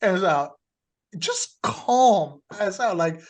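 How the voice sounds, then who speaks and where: Male podcast co-host, higher-pitched, relaxed storyteller, casual chat. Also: takes it slowly. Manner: relaxed storytelling, laughs often.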